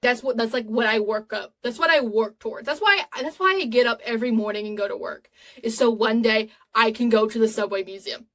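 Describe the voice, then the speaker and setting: A woman's voice: fairly high pitch, brisk, fairly bright tone. A woman in her twenties talking casually to camera in a rambling, chatty, earnest way. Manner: earnest and openly emotional. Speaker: vlogger.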